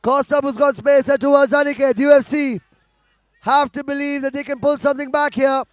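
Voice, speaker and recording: A man giving live play-by-play commentary on a football match, calling passes quickly and rising to shouts at goals. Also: very high-pitched, fairly even intonation, dry recording, studio quality.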